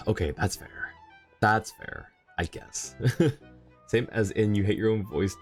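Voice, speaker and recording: A man's voice: fairly low pitch, slow, soft background music. A man streaming a game, chatting casually with viewers, rambling and laughing often. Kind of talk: casual live-stream chat.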